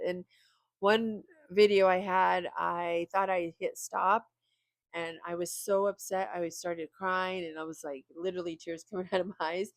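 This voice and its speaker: This tired, middle-aged video creator speaks in a lowish voice, recorded dry with studio quality. She chats to the camera in a candid, somewhat rambling vlog style, laughing softly now and then.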